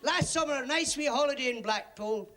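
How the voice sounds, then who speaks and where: A man's voice: very high voice, a little fast. A male stand-up comedian firing off punchy one-liners. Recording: noisy 1970s TV studio with loud audience laughter.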